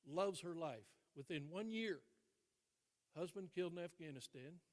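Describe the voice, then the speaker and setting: An older man, a retired teacher and coach, telling stories as a guest speaker, with dramatic pauses and repeated phrases for emphasis. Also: a little high, lively intonation. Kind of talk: motivational storytelling speech. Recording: long reverb in a large hall.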